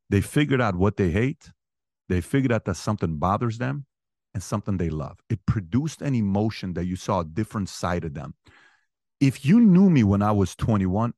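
A man in his forties, an interview guest telling personal stories with animated energy, his voice rising sharply when he relives arguments. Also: on the low side, no echo, clean studio sound. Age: 40s. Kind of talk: storytelling in conversation.

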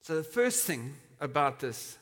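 Male pastor, fairly high bright voice, chatty sermon, lingering hall reverb. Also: very animated, a little slow. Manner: conversational, dramatizes quotes with shouting. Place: church hall. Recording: long reverb of a church hall.

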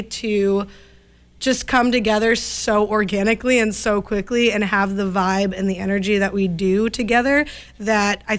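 A young woman guest in a small radio studio, chatting casually and laughing often, talking in quick bursts. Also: mid-range voice. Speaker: band leader, guest.

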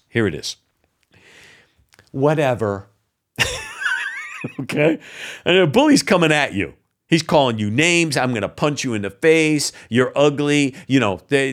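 A man hosting an opinion commentary show, sarcastic and exasperated, mocking what he reads out with scoffing laughs. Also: medium pitch. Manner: indignant, exasperated. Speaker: political commentary host.

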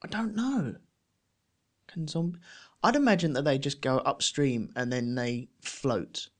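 A man's voice: mid-range voice, unhurried. A man co-hosting a casual podcast chat, rambling and joking. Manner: chatty, jokey, rambling. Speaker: podcast co-host.

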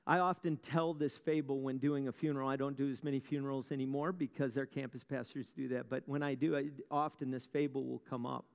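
Preacher with wry asides in a reverberant hall. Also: male voice, mid-range voice, flat delivery, gravelly, clean tone. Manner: storytelling with dramatic pauses and rhetorical questions. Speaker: pastor. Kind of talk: sermon.

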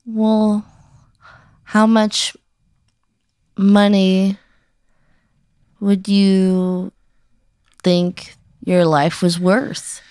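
A woman's voice: mid-range voice, level tone, very slow, pauses often, a little mellow, smooth, dry recording, studio quality. A woman guest in a casual chat, playing along and asking curious, playful questions.

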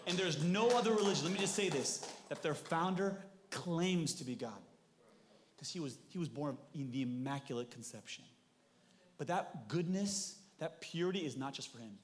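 A man preaching a sermon, animated, swinging from loud emphasis to soft asides, with jokes for the congregation. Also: fairly high pitch, normal speed, a little hiss or hum. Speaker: pastor.

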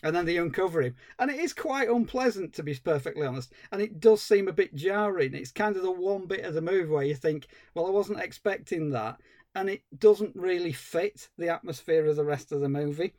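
A man co-hosting a podcast, giving an animated, exasperated film review with dry humour. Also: sits high, a little fast, few pauses, no room sound. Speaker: podcast co-host. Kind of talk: casual film review chat.

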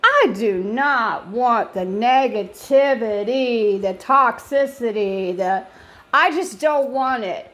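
A woman's voice: fairly high pitch, slow pace, fairly bright tone. A middle-aged woman with an American country accent, ranting to camera in an emphatic, repetitive, folksy way.

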